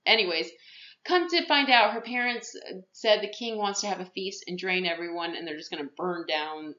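A woman's voice: lowish voice, moderate pace, bright, forceful tone. A woman podcast host recapping a movie plot in casual chat, rambling, with many fillers and restarts. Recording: echoey room, muffled lo-fi sound.

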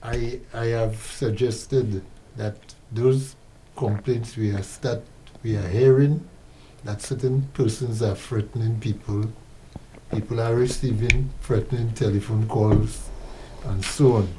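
A man's voice: lowish voice, steady tone, a little slow, darkish tone, slight background noise, low-quality recording. A man co-hosting a casual talk show, giving earnest, emphatic commentary. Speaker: co-host.

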